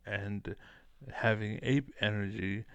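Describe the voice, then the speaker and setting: A man's voice: fairly low pitch, steady tone, slow, creaky, clear, resonant tone, dry recording, lo-fi sound. A man ranting casually, rambling and profane, with many fillers. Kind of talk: casual rant to camera.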